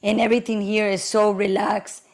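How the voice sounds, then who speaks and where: A hoarse woman with a Colombian Spanish accent, a native Spanish speaker, talking as a podcast guest in heartfelt, emotional conversation. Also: medium pitch, flat delivery, normal speed. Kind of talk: casual conversation.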